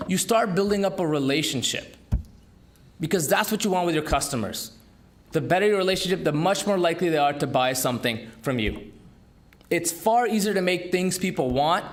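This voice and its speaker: A man giving a business talk to an audience, with an emphatic, lively delivery and rhetorical questions. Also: sits high. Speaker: entrepreneur speaker. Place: conference room.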